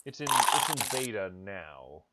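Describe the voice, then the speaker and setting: A man with a low but very animated voice, chatting casually on a board game stream. He likes to crack jokes and keep things playful. He is on a mic over an online call. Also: a little slow, slight background noise. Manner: playful joke teller.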